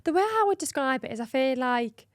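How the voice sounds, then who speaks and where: A woman's voice: high-pitched, expressive, brisk, dry recording, clean studio sound. A young woman co-hosting a podcast, chatting in a giggly, easy-going way. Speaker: podcast co-host. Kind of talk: casual chat.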